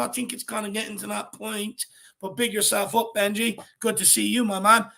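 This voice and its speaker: A man's voice: high voice, steady tone, brisk, vocal fry, bright, forceful tone. A man with an Irish accent hosting a football fan show, talking casually and energetically, calling people "my man" and "brother.".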